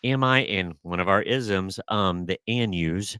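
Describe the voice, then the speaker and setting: A man with a very low voice that still comes across bright and forceful, co-hosting a podcast. He is a former teacher who chats casually, jokes and laughs easily. The sound is dry and close to the mic. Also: clean tone, dry recording. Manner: jokey, quick to laugh. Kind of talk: casual chat. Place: live podcast recording.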